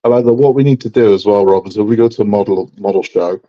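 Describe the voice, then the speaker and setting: A man's voice: on the low side, fast, mellow, lo-fi sound. A man hosting a live model build stream, chatting casually and joking with frequent laughter. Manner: joking, rambling, laughs often.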